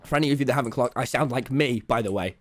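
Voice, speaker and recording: A man's voice: mid-range voice, racing, soft background music. A young British man in his late teens, a streamer telling a rambling, self-deprecating story on his livestream.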